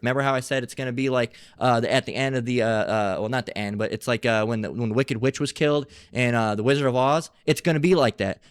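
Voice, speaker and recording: With a clear, resonant, medium-pitched voice, a man recites Bible verses and interrupts them with faltering, confrontational, sneering commentary and profane asides, restarting many times between readings. No room sound is audible.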